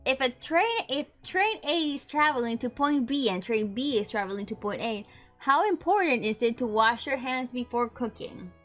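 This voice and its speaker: A woman's voice: fairly high pitch, expressive, normal speed, fairly bright tone, faint music behind, pitched above the performer's own voice. A woman voicing a bossy dog professor who teaches a cooking class in a teacherly, announcing way. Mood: brisk.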